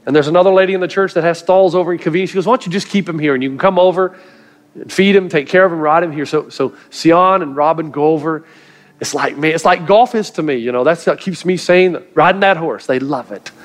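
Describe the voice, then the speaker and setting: A middle-aged pastor with a fairly high voice talks quickly as he preaches to a live congregation in church. He tells his stories earnestly, adding touches of light humor.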